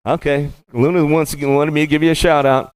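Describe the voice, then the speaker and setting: A man calls races at a BMX track, reeling off rider names in a quick rhythmic patter full of stock phrases. His voice sits fairly high and sounds smooth and resonant. The sound is close and dry, with little room echo. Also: flat delivery. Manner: rapid rhythmic play-by-play, repeating stock phrases. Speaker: race announcer. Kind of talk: live race commentary. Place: BMX track announcer booth.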